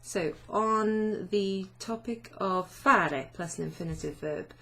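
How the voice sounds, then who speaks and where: A woman's voice: mid-range voice, slow, fairly bright tone. A woman teaching a chatty, self-deprecating online language lesson, often asking learners questions.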